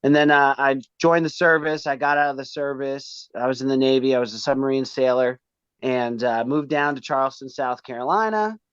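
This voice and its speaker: A man's voice: medium pitch, fairly quick, fairly bright tone, smooth, dry recording, dull audio. A man, a band's vocalist, telling the story of how the band began in a rambling, casual interview. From Pennsylvania, raised in New England.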